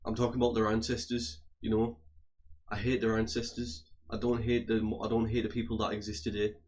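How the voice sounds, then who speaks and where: A man's voice: fairly low pitch, completely flat delivery, a little fast, a little mellow. A man ranting heatedly to his audience, swearing often and repeating and restarting his phrases. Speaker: vlogger. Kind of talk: angry profane rant to camera.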